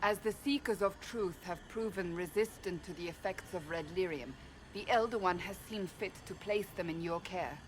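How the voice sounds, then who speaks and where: A woman's voice: on the low side, moderate pace, slight background noise, close to an everyday voice. A woman playing a stern warrior woman. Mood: grave. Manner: firm, clipped and serious. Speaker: game character. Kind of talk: video game dialogue.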